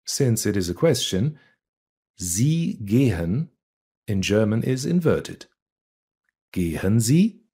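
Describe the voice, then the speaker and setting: A man teaching a beginner language lesson, reading example words and sentences one at a time in a deliberate, scripted way. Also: on the low side, very animated, warm tone, breathy edge.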